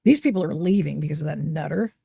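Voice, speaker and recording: A woman's voice: deep voice, fast talker, gravelly, husky, dry recording, clean studio sound. A middle-aged woman hosting a podcast, giving opinionated, sarcastic commentary over video clips. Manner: sarcastic, animated, mocking voices she quotes. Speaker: podcast host.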